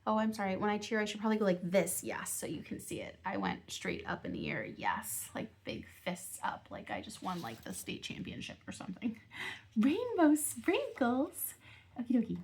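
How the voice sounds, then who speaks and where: A woman's voice: mid-range voice, sing-song, brisk, breathy edge. A woman vlogging at home about her budgeting game, chatting casually and giggling while she colors, often dropping into a half-whisper. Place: home on a busy street.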